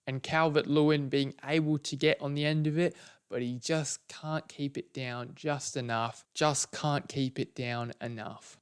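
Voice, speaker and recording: A man's voice: on the high side, clear, resonant tone. A man hosting a football podcast, retelling match moments play by play in a recap. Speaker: podcast host.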